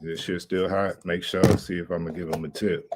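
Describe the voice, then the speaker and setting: Deep-voiced laid-back male livestream host. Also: level tone, moderate pace, heavy background noise. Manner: laid-back, rambling, slangy. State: out of breath. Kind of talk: casual livestream chat.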